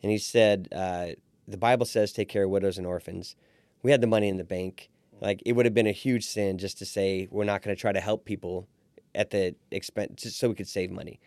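Animated man telling a story, dry sound. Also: low voice, fairly quick, no echo. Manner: animated storyteller who acts out quoted voices. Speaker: restaurant owner, podcast guest. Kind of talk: storytelling in a casual interview.

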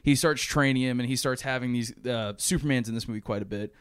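Animated young man retelling a movie. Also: mid-range voice, fast talker, clean tone, no echo, studio quality. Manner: animated storytelling, acting out characters' lines, frequent swearing and laughs. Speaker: podcast co-host. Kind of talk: casual chat retelling a movie plot.

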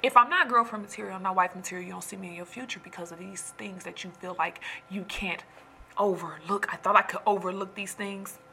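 A woman telling a personal story in casual chat, animated and emphatic, preaching to her listeners. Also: mid-range voice, fairly quick, gravelly, slight background noise. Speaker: storyteller venting to viewers.

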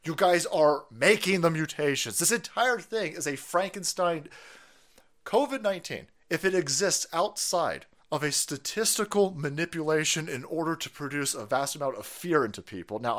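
Male streamer, profane and mocking, animated delivery with a somewhat high voice. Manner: swearing, heated, mocking. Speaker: stream host. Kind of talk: profane ranting commentary.

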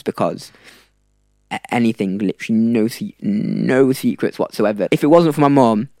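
A man's voice: medium pitch, animated, moderate pace, darkish tone, no room sound, clean studio sound. A young man from South Africa, a podcast guest telling a rambling story in casual chat. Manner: rambling, with fillers and laughs.

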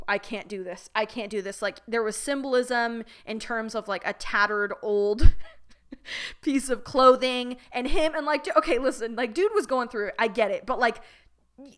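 A young woman tells a story in a casual, unfiltered way, swearing freely as she goes. Her voice sits a little high and sounds bright and forward. The tone is smooth and clear. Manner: candid, profane, animated storyteller. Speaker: podcast host.

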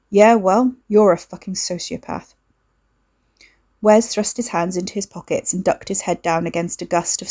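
A woman narrating a novel in an even, measured storytelling voice. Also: lowish voice. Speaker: audiobook narrator. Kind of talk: scripted narration.

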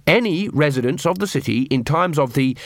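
A man's voice: a little high, expressive, brisk, no echo, clean studio sound. A man voicing an earnest, polite young watch corporal who speaks formally and by the book, in an audiobook reading.

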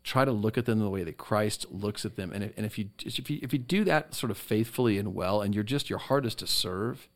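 A man's voice: fairly low pitch, a little fast, few pauses. A man who co-hosts a faith podcast and teaches at a seminary, speaking in an affirming, teacherly way. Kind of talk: casual chat.

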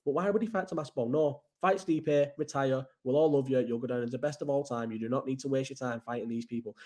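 A man's voice: mid-range voice, fast, darkish tone. A man from the Bolton area with a Bolton accent, hosting a casual live chat in a rambling, blunt and sweary way. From Bolton area, England.

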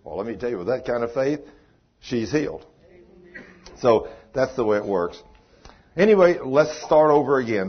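A man's voice: medium pitch, lively intonation, normal speed, pauses often, breathy edge, dull audio. An older man, preaching a sermon in a folksy, emphatic way, his voice climbing on exclamations. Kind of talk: sermon teaching.

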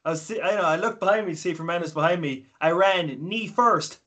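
A man's voice: fairly high pitch, a little fast, few pauses. A man in his early twenties in casual podcast chat, rambling and swearing freely as he tells stories. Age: 20s. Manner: swears a lot, rambling and animated.

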